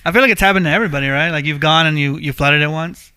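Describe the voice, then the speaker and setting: A man co-hosting a casual podcast, telling stories with lively energy and frequent swearing. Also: a little high, racing, clean tone, no room sound. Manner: animated storyteller, swears freely. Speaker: podcast co-host.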